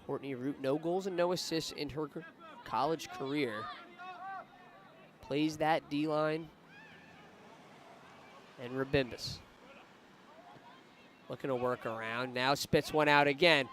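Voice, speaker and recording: A man's voice: on the high side, unhurried, pauses often, a little hiss or hum. A man giving live play-by-play commentary on a women's soccer match, lifting his voice when attacks build. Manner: rising excitement on attacking plays.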